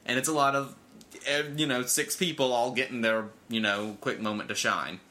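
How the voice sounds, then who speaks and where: A man's voice: medium pitch, fairly even intonation, normal speed, bright, forceful tone. A man co-hosting a casual talk show, chatty and full of fillers, laughing easily. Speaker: podcast co-host. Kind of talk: casual chat.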